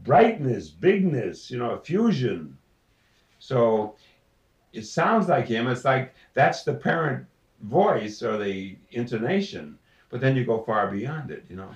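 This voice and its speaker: A man, a voice actor, telling anecdotes in an interview in an animated way, slipping into voices. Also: mid-range voice, slow. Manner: animated storyteller, slips into voices. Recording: roomy, distant mic.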